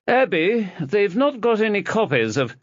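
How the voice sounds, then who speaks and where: A male narrator voices an awkward, apologetic man in an audiobook, his voice nudged a little higher. The delivery is hesitant and lively in pitch. Dull, lo-fi sound. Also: measured pace, no echo, full character voice. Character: fidgety male lawyer friend, awkward.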